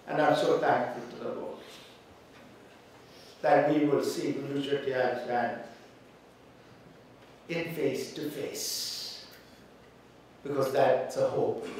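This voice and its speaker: A man's voice: medium pitch, darkish tone. A man speaking at a funeral service, hesitant with many fillers, growing fervent as he reads scripture and preaches on hope. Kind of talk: funeral tribute and scripture reading. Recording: very echoey hall, distant mic, faint noise.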